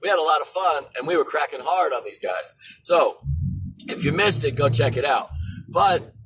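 A man hosting a political commentary show, ranting in an animated way and rising to shouts. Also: fairly high pitch, moderate pace, slightly rough, faint music behind, low-quality recording. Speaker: show host.

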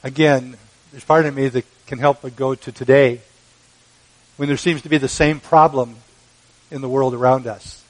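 A man preaching a sermon, measured and emphatic, with dramatic pauses. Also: medium pitch, steady tone, low-quality recording. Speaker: pastor.

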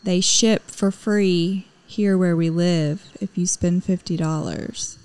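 A woman's voice: on the low side, steady tone, slow pace, a little mellow, clean tone. A woman in her thirties co-hosting a casual podcast chat, rambling and laughing easily. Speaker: podcast co-host.

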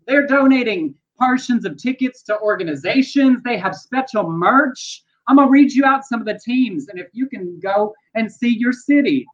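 A man's voice: extremely high pitch, animated, moderate pace, hardly any pauses, muffled recording. A man co-hosting a podcast, chatting wryly about the news with folksy asides. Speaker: podcast co-host. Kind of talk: casual news chat.

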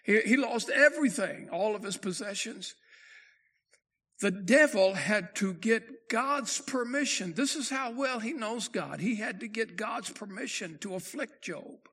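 A male pastor preaching in a high, bright voice. He stresses his points with emphasis and slows right down, rising in pitch, whenever he quotes scripture. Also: expressive, husky. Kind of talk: sermon.

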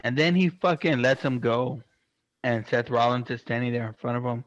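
An excitable man talking casually and swearing at every turn, rambling through loads of fillers. His voice sits in an ordinary middle pitch. The recording is dull and lo-fi, with a dry, close sound. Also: normal speed, dry recording. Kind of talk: casual chat.

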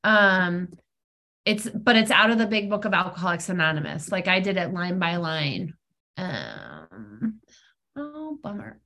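A middle-aged woman speaking frankly at an online recovery meeting, talking in a loose, conversational way with many pauses and fillers. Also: on the low side, very animated, sharp tone. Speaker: twelve-step meeting speaker. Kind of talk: personal sharing at a recovery meeting. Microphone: online meeting call.

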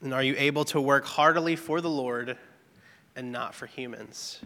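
A man's voice: mid-range voice, steady tone, moderate pace, sharp tone. A man giving an earnest, candid devotional testimony, telling a personal story about his work. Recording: long reverb, echoey hall.

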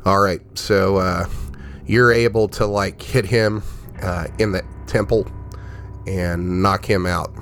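Slow, deep-voiced game master. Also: male voice. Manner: relaxed, with many fillers. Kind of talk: narrating a tabletop game. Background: music.

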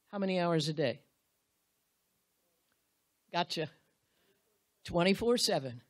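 A woman preaching a sermon, with drawn-out, emphatic phrases and wide swings in pitch and loudness. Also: expressive.

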